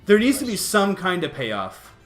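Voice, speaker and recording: A man's voice: high-pitched, huge pitch swings, normal speed. This is a young man in casual chat, his voice swinging up and down as he talks. He restarts sentences often and laughs between points, with faint music playing underneath. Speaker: youtube host.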